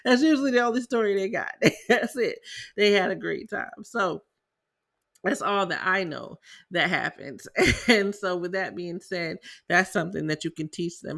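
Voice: medium pitch, normal speed, vocal fry, fairly bright tone. A host from South Carolina with a Southern accent, chatting casually and laughing often while explaining business money matters to listeners. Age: adult parent. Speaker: podcast host. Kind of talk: casual teaching talk on small business finances.

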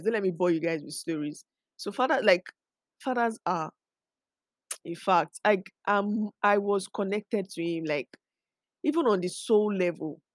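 A young woman, hosting a podcast and chatting casually, animated and laughing as she acts out quotes. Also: medium pitch, dry recording, clean studio sound. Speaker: podcast host. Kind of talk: casual storytelling chat.

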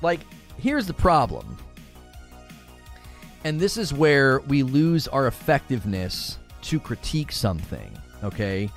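A man's voice: medium pitch, very animated, measured pace, soft background music. A man streaming and giving a casual, argumentative rant, repeating and restarting his words as he pushes his point.

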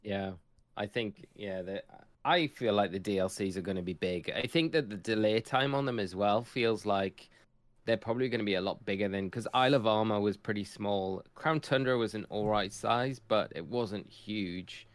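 A man co-hosting a podcast in casual chat, eager and quick to agree. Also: lowish voice, no echo. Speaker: podcast co-host.

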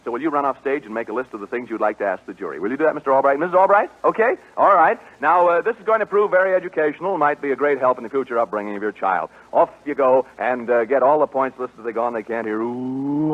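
A man hosting a live radio game show, jovial and joking, often laughing along with contestants. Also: mid-range voice. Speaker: quiz show host. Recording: old lo-fi radio broadcast with faint hiss.

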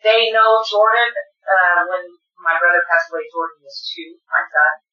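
A woman's voice: on the low side, normal speed, sharp tone. Tearful woman, echoey distant sound. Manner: tearful, earnest, addresses listeners directly. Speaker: guest. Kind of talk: emotional personal storytelling. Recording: echoey, dull room sound from off-mic.

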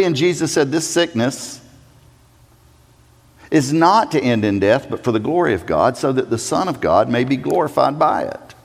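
A man preaching a sermon as pastor, swinging dramatically between loud urgent passages and hushed low ones. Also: animated, moderate pace. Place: church sanctuary. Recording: long hall reverb.

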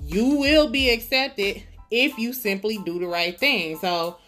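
Lively woman teaching a casual Bible lesson. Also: mid-range voice, unhurried, hardly any pauses, soft background music. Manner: lively, conversational, humorous.

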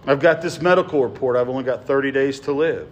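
A man preaching a sermon as pastor, swinging from emphatic lines to soft, hushed ones and often asking his listeners "right?". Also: mid-range voice, fast, lo-fi sound, slight background noise.

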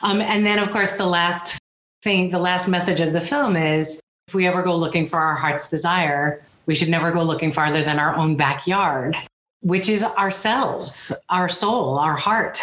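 Earnest low-voiced woman in echoey room. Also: normal speed, a bit bright. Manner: earnest, rambling, self-deprecating humor. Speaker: guest. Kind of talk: candid personal interview.

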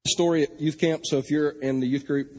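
A man preaching a sermon, telling a joking, animated story. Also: on the high side, brisk. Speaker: pastor.

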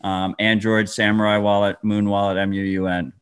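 Laid-back ranting man, low voice. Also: little pitch movement, moderate pace, smooth. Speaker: podcast co-host. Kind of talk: casual chat.

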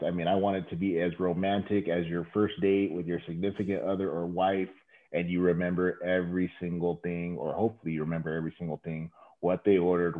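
Earnest guest on a tinny phone line. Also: male voice, low voice. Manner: earnest, gushing, self-deprecating. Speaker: podcast guest, company president. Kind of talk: casual podcast chat.

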